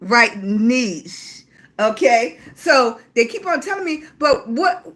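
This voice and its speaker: A high, bright-voiced middle-aged woman chats through a casual livestream. She talks freely and affectionately to her viewers, calling them baby, with an occasional cough breaking in. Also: big pitch swings, unhurried. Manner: talkative, warm-hearted, calls viewers baby. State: coughing at times. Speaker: livestream host.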